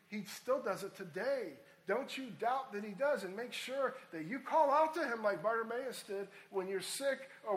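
A man's voice: very high-pitched, echoey room, rough recording. A man preaching a sermon as a pastor, earnest and rising to emphatic appeals.

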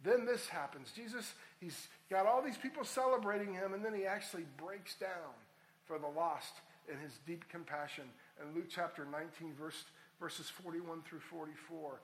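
A man's voice: on the high side, fairly even intonation, normal speed, a little hiss or hum, low-quality recording. A middle-aged man preaching a sermon as pastor, reading scripture aloud and building to emphatic peaks.

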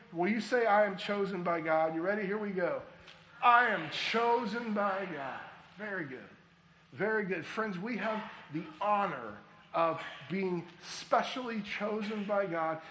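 A man's voice: high voice, a bit bright, reverberant, poor audio. A man preaching a sermon as pastor, building to emphatic points and leading the congregation in repeating a phrase. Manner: preaching with rising emphasis and call-and-response.

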